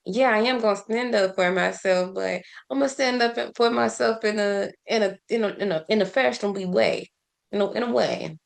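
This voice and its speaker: Woman, casual faith vlogger, talkative and preachy, with a gravelly texture. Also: mid-range voice, moderate pace. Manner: conversational and preachy, asks rhetorical questions, laughs often; repeats words and restarts often. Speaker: faith and self-care vlogger. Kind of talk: casual spoken devotional.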